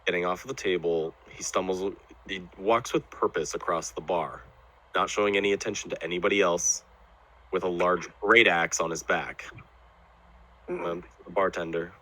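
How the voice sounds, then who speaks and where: A man's voice: deep voice, fairly even intonation, normal speed, bright, forceful tone, poor audio. A man narrating his character's actions as a player in a tabletop game.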